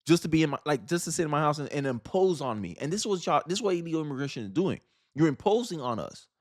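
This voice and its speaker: A man's voice: on the high side, no room sound, studio quality. A man from Florida hosting casual political commentary, talking emphatically with slang and frequent restarts.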